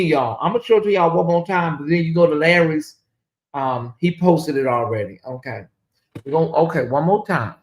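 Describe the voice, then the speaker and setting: A man hosting a casual live-stream commentary, chatty and animated, often calling out to viewers. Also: on the high side, moderate pace. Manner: animated, chatty, laughs and addresses viewers as y'all. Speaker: commentary channel host.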